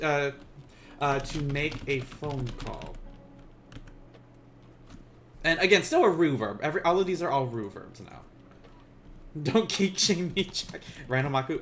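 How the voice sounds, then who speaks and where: A man teaching a casual live-streamed Japanese lesson, joking with viewers and slowing down to pronounce each word. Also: a little high, a little hiss or hum. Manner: playful, laughs and teases chat viewers; slows down to pronounce Japanese words.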